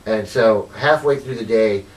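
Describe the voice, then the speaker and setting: A man's voice: fairly low pitch, measured pace, recorded from a distance, a little hiss or hum, low-quality recording. A formerly homeless man telling his life story in an interview, rambling with lots of "you know" and retelling what people said to him. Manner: rambling, full of "you know" and retold dialogue.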